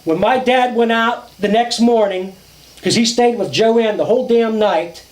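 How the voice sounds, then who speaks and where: A man casually telling a ghost story outdoors at a campfire, dramatic and drawn-out, with swearing. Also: high voice, a little mellow, echoey room, poor audio.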